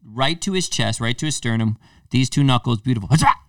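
A male podcast host chats casually, acting out voices as he tells stories in an animated way. His medium-pitched voice is brisk, and the dry, studio-quality recording places him far from the mic.

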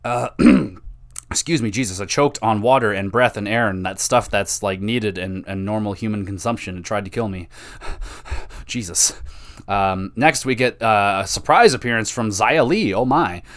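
A man's voice: fairly low pitch, moderate pace, a bit bright. A man talks through a wrestling recap on his own podcast in a loose, chatty way. He swears freely, cheers on the wrestlers he likes and keeps the play-by-play casual.

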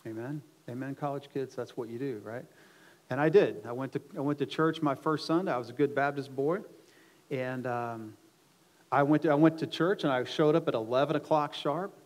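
Male pastor, sermon delivery, slightly high voice, dynamic swings from hushed to shouted, frequent restarts. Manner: swings between loud emphatic exclamations and low quiet asides; repeats words on restarts.

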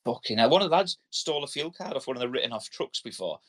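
Brisk male podcast co-host, swears freely, acts out quotes. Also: mid-range voice, sing-song, a bit bright. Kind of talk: casual chat.

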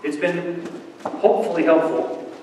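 A male pastor with a fairly high voice preaches a sermon, chatty and playful, hammering home points with repeated phrases. He is picked up from a distance in a big church sanctuary. The long reverb of the hall and a faint background hum surround every word. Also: fairly even intonation, a little slow, warm tone.

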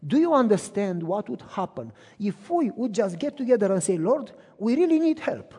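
A middle-aged man preaching a sermon, telling personal stories with lively delivery and acting out both voices in phone conversations. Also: high voice, normal speed, breathy edge. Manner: animated storytelling, acts out both sides of phone calls. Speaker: pastor. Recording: reverberant hall.

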